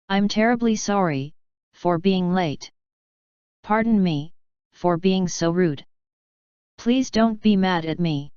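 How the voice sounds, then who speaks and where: A woman reading short English example phrases aloud one by one in a slow, careful lesson delivery. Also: fairly low pitch, a little mellow, smooth, no room sound, dull audio. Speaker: English teacher.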